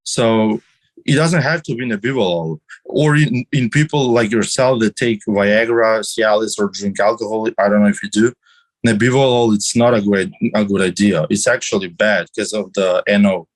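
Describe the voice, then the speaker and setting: A man's voice: on the low side, normal speed, low-quality recording. A man on a podcast explaining things at length, with many restarts and fillers. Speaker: podcast guest. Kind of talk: casual podcast chat about drugs.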